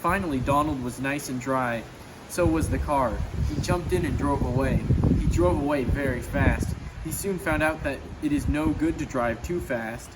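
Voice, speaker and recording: A man's voice: mid-range voice, moderate pace, heavy background noise. A man reading a children's storybook aloud and chatting about the pictures, with small stumbles. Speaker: storybook reader. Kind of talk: casual storybook read-aloud with commentary.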